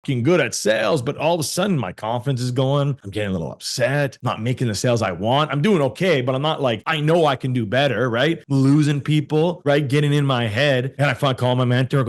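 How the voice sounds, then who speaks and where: A man's voice: mid-range voice, quick pace, hardly any pauses. A middle-aged man, a sales expert being interviewed, talking bluntly and emphatically, swearing freely and repeating words for emphasis. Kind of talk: emphatic casual talk.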